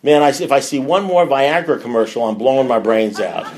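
A middle-aged man speaking candidly to a recovery group, blunt and profane, with loud bursts and low mutters. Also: a little fast.

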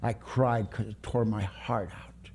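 An older man giving a personal recovery testimony, plain-spoken and emotional, with rough humor. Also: lowish voice, steady tone, a little slow, a little mellow, slight background noise. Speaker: recovery meeting speaker.

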